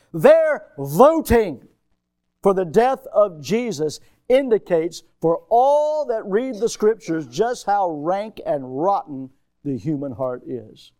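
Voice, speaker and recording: A male pastor delivers an emphatic sermon at an unhurried pace, his voice rising loud and dropping low as he calls out to the congregation. His tone is mellow and a little higher than most men's. The sound is close and dry. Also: dry recording. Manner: emphatic preaching with sharp swings in loudness.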